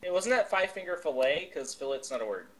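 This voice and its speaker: A young man teasing the others and firing quick questions on a casual podcast. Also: on the high side, sing-song, crowd noise. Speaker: podcast co-host. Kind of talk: casual chat.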